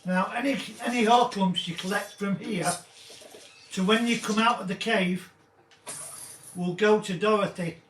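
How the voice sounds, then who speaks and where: A man with a hoarse, croaky voice giving casual, rambling game commentary, chatty and quick to taunt enemies. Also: high-pitched, a bit bright, slight background noise. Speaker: gameplay commentator. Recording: echoey and distant from the mic.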